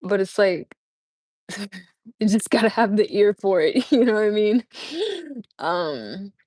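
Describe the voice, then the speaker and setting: A woman's voice: mid-range voice, takes it slowly, dark tone, no room sound. A woman hosting a casual live stream chat, rambling with many fillers and laughing often. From United States. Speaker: livestream host.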